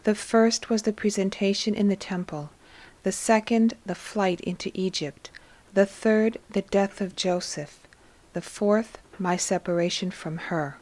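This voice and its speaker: A gentle grown man who consoles his mother, voiced by a woman who keeps her own voice, at a mid pitch. His words come calm, tender and measured, as in a devotional storybook. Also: close to an everyday voice. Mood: solemn.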